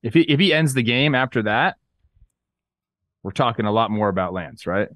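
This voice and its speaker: A man's voice: mid-range voice, expressive, normal speed, a bit bright, no room sound, clean studio sound. A man co-hosting a baseball podcast who talks bluntly and swears freely. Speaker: podcast co-host. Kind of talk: casual sports chat.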